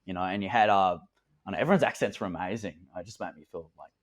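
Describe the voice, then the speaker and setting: A man's voice: low-pitched, very fast. A teenage boy, a school drama student joking around in casual podcast chat. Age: teens. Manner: giggly, self-deprecating joking.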